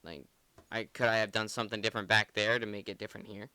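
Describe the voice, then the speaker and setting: Man, podcast co-host, lowish voice, bright and forceful, smooth clear tone, casual rambling chat, lots of fillers. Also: little pitch movement, fast talker, no echo. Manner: rambling, heavy use of filler "like", earnest. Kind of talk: casual song analysis chat.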